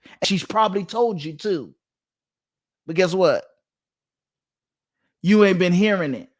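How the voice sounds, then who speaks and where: A man's voice: sits high, unhurried. A man giving a preachy direct-to-camera monologue, emphatic and repetitive, with a sermon-like cadence. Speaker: online commentator.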